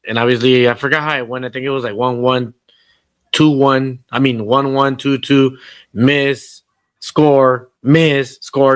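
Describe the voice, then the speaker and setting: A man's voice: mid-range voice, fairly bright tone, no echo. Profane rambling man in casual chat. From Southern California. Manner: rambling, profane, mixes Spanish into English. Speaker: podcast co-host.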